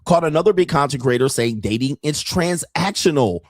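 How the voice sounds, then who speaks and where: Ranting about dating on his podcast, this host is blunt, profane, and mocking, breaking into frequent laughs. He speaks fairly quickly in a fairly high, animated voice, captured as clean, dry studio sound.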